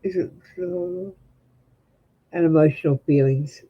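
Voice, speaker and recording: A woman's voice: low voice, huge pitch swings, slow, gravelly, narrow, tinny audio, slight background noise. A young Australian woman reading tarot live for viewers, giving blunt, direct advice. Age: young adult. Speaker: tarot reader.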